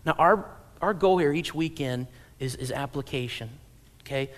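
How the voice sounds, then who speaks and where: Animated high-voiced male preacher. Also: normal speed, long reverb tail. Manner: animated, swings from loud acted-out quotes to low quiet asides; humorous, conversational preaching. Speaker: pastor. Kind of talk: sermon.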